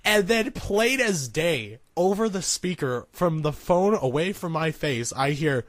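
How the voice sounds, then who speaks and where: A young man co-hosting a podcast, telling a story in an animated, laughing way. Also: a little high, unhurried. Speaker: podcast co-host. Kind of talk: casual storytelling.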